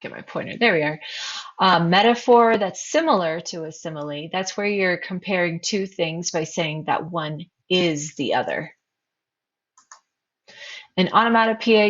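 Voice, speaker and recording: Low-voiced woman teacher, lo-fi recording. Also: fairly bright tone. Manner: explanatory, poses questions to students. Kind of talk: recorded slideshow lesson.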